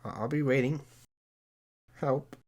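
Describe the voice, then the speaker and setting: A man's voice: mid-range voice, a little slow, darkish tone. A man reading a bad fanfic aloud with sarcastic, exasperated comic asides. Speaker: comedy reviewer reading fanfic. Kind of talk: mocking commentary on a reading. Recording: music playing behind.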